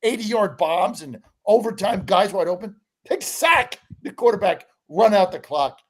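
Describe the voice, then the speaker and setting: A man in his sixties, a regular co-host, telling animated stories in a casual sports betting chat. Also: high voice, moderate pace, rough recording. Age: 60s. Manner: animated, excitable storyteller.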